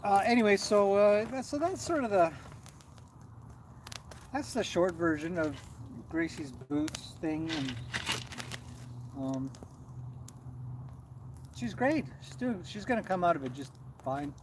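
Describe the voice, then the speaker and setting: A man with a Canadian West Coast accent, co-hosting a casual livestream chat in a relaxed, rambling way with many fillers. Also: high-pitched, slow pace, long pauses. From Canada, West Coast near Vancouver. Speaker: co-host of a livestream. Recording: noisy background with animals and traffic.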